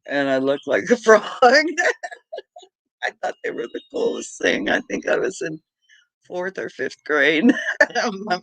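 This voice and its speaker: A middle-aged man from Britain chats slowly and easily through a homestead livestream, greeting viewers by name and laughing often. His voice is bright and sits somewhat high for a man, and the sound is dry and close. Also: creaky, no room sound, rough recording. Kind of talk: casual livestream chat.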